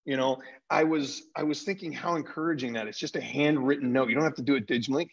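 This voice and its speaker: A man co-hosting a casual talk show, chatting in an animated way and laughing easily. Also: medium pitch, fast, creaky. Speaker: co-host. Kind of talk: casual chat. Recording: dull lo-fi sound.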